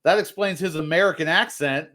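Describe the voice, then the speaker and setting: A man's voice: on the high side, brisk, bright, forceful tone. A man co-hosting a casual movie podcast, talking in a rambling, jokey way. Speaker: podcast co-host.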